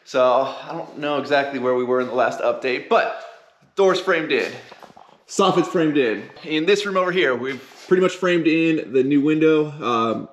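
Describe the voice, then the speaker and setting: A man's voice: a little high, normal speed, muffled recording. A man from California chatting casually through a DIY renovation vlog on a work site, upbeat and rambling with lots of fillers. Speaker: vlogger renovating a guest house. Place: construction site indoors and outdoors.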